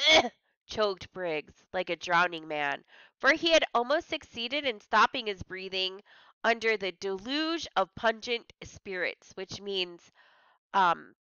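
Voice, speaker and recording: Lady teacher reading a story to the class, smooth clear voice, dry slightly dull recording. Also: medium pitch, pushed and bright, no room sound. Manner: pauses reading to paraphrase hard words in simple terms. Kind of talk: reading a story aloud to a class and explaining words.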